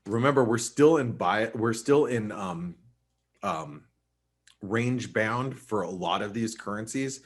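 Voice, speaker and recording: A man hosting a live webinar, talking viewers through charts in a casual, chatty way, with frequent restarts and fillers. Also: fairly low pitch. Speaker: host and market analyst.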